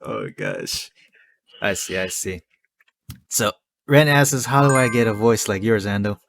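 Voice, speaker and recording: A man's voice: on the low side, very animated, unhurried, gravelly, fairly bright tone, slight background noise. A man hosting a podcast, reacting briefly and reading out listener questions. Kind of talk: casual chat.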